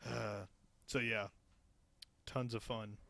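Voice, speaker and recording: Speaking slowly in a fairly low, level, creaky voice with a fairly bright tone, a young man co-hosts a podcast. His work anecdote comes out relaxed and profane, punctuated by plenty of laughter.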